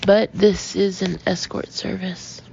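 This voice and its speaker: A woman voicing a smooth-talking male escort-agency owner, pressing a caller with eager sales patter in an audiobook. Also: mid-range voice, little pitch movement, slow, a little mellow. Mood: polite, wary. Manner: gushing, persuasive sales patter. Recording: dull lo-fi audio with faint hiss.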